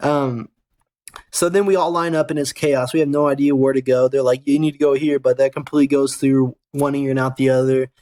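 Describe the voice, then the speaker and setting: A man's voice: medium pitch, level tone, fairly quick, darkish tone. A young American man hosting a gaming channel, telling a casual, rambling, profane story with self-corrections. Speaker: gaming channel host and soldier.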